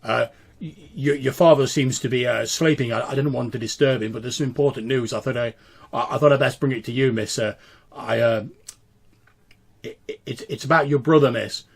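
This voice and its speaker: A gruff, burly servant who stammers through his words and keeps bowing his head to his mistress, as a man acts him out. His voice is raspy and gravelly, and it is pushed louder and a touch higher than a plain speaking voice. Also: a little fast. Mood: nervous. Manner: stammering, deferential. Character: gruff, muscular servant man, nervous and deferential.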